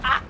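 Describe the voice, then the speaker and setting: A gamer with hiccups, giggling helplessly and blurting out reactions while playing a shooter on a headset mic. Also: heavy background noise. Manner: giggly, laughing through hiccups. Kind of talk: casual gameplay chat. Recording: loud gunfire from game audio.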